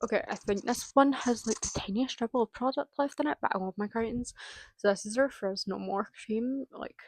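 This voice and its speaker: A woman's voice: fairly high pitch, fairly quick, no room sound, poor audio. A young woman, a hairdressing student chatting casually and laughing as she goes, with the odd swear. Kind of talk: casual vlog chat.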